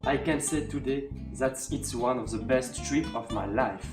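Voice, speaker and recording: A man's voice: mid-range voice, moderate pace, loud music behind the voice. A young Frenchman with a French accent, narrating a playful, mock-outraged comic vlog in English. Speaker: vlogger.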